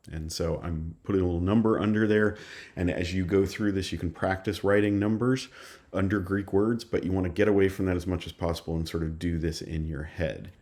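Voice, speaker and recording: A man with a very low voice gives a recorded lesson. He explains each point patiently, one step at a time. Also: a little mellow. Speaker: teacher. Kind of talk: recorded lecture.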